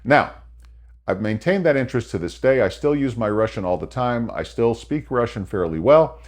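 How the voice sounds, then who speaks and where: A man's voice: medium pitch, lively intonation, normal speed. An older American man hosting his own small podcast, talking in a chatty, wry monologue and correcting himself as he goes. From United States. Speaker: podcast host. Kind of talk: casual commentary monologue. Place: home setting in Phoenix.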